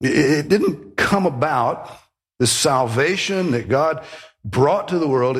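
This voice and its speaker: Man, pastor, sermon, emphatic, rhetorical questions, animated pitch. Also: takes it slowly. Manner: emphatic preaching with rhetorical questions and sudden swells.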